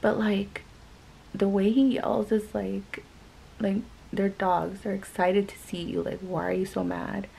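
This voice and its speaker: A young woman vlogger does her makeup at home while rambling through a story, stuffing it with "like" and other fillers. Her mid-range voice is level, unhurried, creaky, mellow and slightly rough, and the recording quality is low.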